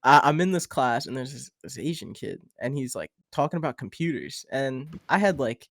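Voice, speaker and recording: A young man co-hosting a podcast, telling a rambling, animated story full of fillers in casual chat. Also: mid-range voice, moderate pace, gravelly. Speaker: podcast co-host.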